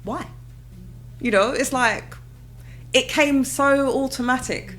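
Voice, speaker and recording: A British woman, a mother, telling her own story in a casual interview, lively and expressive, often acting out her past reactions. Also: a little high, a little slow. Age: adult with children. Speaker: guest.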